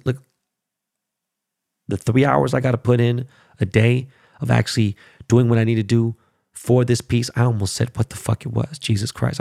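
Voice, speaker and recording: A gravelly middle-aged man talks into a close podcast mic in a very dry room. He rambles casually and swears a lot, and his voice climbs high and loud when he gets worked up. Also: no room sound. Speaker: podcast host. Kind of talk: casual chat.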